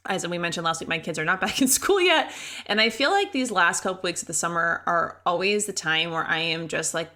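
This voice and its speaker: A woman's voice: on the low side, bright, forceful tone. A woman in her thirties hosting a podcast in casual chat, rambling with many fillers and frequent laughter. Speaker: podcast host.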